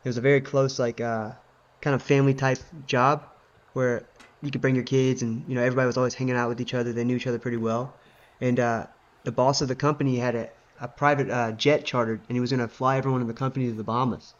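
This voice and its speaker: A married man, co-host of a faith podcast, tells a story at a quick clip, full of uh and you know. His voice sits mid-height, and the recording is a bit dull and muffled. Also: mid-range voice, flat delivery. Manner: rambling storyteller with many fillers. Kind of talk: casual faith discussion.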